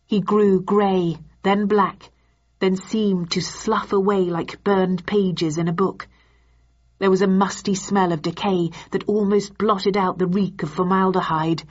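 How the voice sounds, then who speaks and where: A woman narrating an audiobook in the first person in a steady storytelling manner. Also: medium pitch, husky. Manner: steady storytelling, voicing characters. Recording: dull lo-fi audiobook recording.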